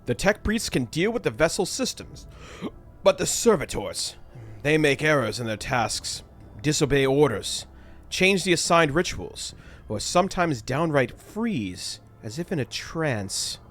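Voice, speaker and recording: A man's voice: a little high, big pitch swings, a little slow, fairly bright tone, full character voice. A man reading the part of a dutiful male vox officer, delivering a formal, ornate report to his captain.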